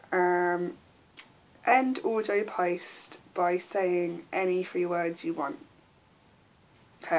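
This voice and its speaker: A young English woman in her twenties, chatting casually to camera with frequent ums and little laughs. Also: on the low side. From England. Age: 20s. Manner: chatty, giggly, lots of ums. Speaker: vlogger.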